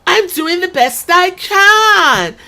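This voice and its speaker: A woman putting on the voice of a ditzy, whiny young woman wrestler in heavy makeup, in a high mocking valley-girl tone. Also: lively intonation, slow, pushed and bright, exaggerated voice.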